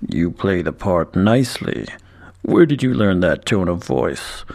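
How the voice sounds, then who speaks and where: A man voicing a huge male dragon knight with a deep, slow growl. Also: very animated, gravelly, darkish tone, full character voice. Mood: wry.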